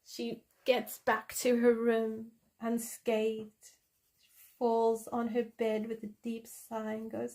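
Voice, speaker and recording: A woman's voice: fairly high pitch, monotone, slow pace, mellow. A woman hosting a coloring livestream, chatting playfully with viewers and making up a story as she goes. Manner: giggly and playful. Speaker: livestream host. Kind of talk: casual chat while coloring, improvising a story.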